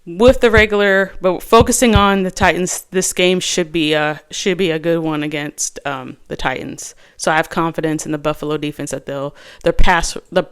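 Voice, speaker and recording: A woman's voice: lowish voice, a bit bright, clean tone. A woman host chatting casually and alone about her fantasy football picks, rambling with lots of restarts and fillers. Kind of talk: casual solo chat.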